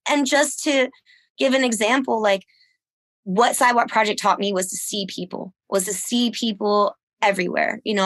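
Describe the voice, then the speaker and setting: A woman guest, a musician, telling a story in a casual podcast chat, laughing often and acting out what people said. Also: dry recording. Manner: animated, laughs often, acts out quotes in a higher voice.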